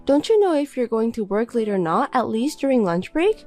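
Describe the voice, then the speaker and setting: A woman's voice: on the high side, very animated, normal speed, mellow, soft background music, pitched above the performer's own voice. A woman voicing a tired, hurt young housewife who defends herself in a text-message story. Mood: defensive. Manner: pleading and defensive.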